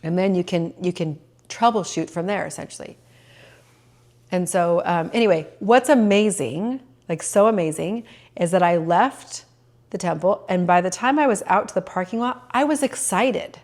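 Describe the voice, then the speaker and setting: A woman's voice: lowish voice, moderate pace, darkish tone. Earnest, emotional middle-aged woman. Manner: earnest, openly emotional, with many fillers. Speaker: podcast host. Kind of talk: personal reflective podcast monologue.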